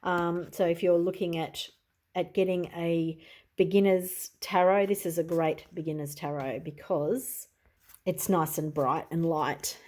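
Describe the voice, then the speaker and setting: Mellow-voiced Australian woman, chatty. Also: lowish voice. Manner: chatty and easygoing, with frequent "you know" and "I suppose". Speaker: tarot reader. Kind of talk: casual show-and-tell video.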